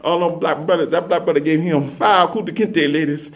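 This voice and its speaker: A man's voice: on the high side, fairly even intonation, a little fast. A man telling a rambling, repetitive comic story to an audience. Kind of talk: comedic story monologue. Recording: dull lo-fi recording.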